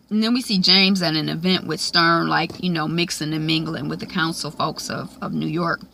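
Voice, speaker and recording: A woman's voice: low-pitched, steady tone, moderate pace, vocal fry, pushed and bright, a little hiss or hum. A woman casually recapping a TV episode, chatty, with lots of "um" and "like", acting out the characters' lines. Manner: chatty, frequent "um" and "like", acts out quoted lines.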